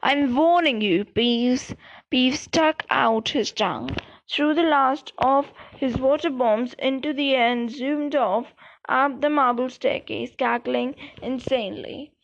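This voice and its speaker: A woman reads a storybook aloud in a high voice, slow and careful, sometimes stumbling and correcting a word. The recording sounds dull and lo-fi. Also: gravelly. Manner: slow, careful reading with small slips and restarts. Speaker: reader. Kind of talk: amateur audiobook reading.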